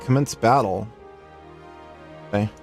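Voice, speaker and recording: A man's voice: fairly low pitch, slow, gravelly, darkish tone, faint music behind. A man giving casual, joking commentary while playing a video game. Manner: playful, joking asides. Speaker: let's play host.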